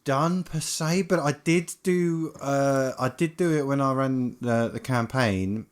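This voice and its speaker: A man's voice: mid-range voice, slow. A man co-hosting a gaming podcast, chatting easily and agreeing along. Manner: relaxed, agreeable, laughs along. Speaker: podcast co-host. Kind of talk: casual chat.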